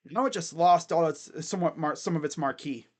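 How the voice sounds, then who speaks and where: Talking fast in a fairly high but darkish voice, a man streams casual college football talk, rambling as he thinks out loud and filling it with fillers and restarts.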